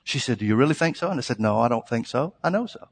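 A man's voice: mid-range voice, lively intonation, very fast, gravelly. A man preaching a sermon, telling a story in a conversational way and then rising to emphatic exhortation. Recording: long hall reverb.

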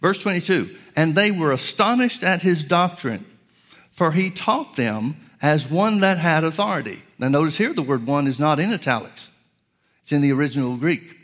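A male preacher teaching from scripture, reading verses slowly with stress on key words and calling his listeners folks. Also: a little high, animated, a bit bright. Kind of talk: Bible teaching sermon.

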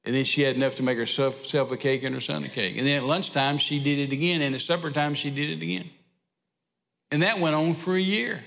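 A man preaching with a somewhat high voice, driving his points home with emphatic repetition. His sermon rings out through a church hall with a long, trailing reverb. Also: gravelly, fairly bright tone. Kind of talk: sermon storytelling. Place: church sanctuary.

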